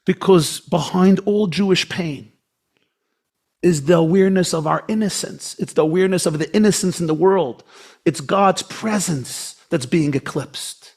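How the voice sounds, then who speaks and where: A man giving a sermon as a rabbi, impassioned, swinging between soft low lines and high, emphatic ones. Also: unhurried, slightly rough.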